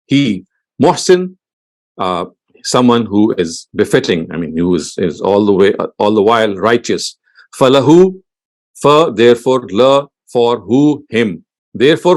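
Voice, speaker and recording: Male lecturer, mid-range voice, deliberate word-by-word teaching with brisk recited verses. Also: mid-range voice, darkish tone. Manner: translating word by word, slow and deliberate; recites Arabic verses in quick chant. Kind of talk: word-by-word scripture lesson.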